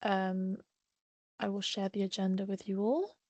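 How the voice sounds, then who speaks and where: Mellow woman hosting a webinar. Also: medium pitch, steady tone, measured pace, dry recording, muffled recording. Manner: casual housekeeping delivery with many ums. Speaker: webinar host. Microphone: video call.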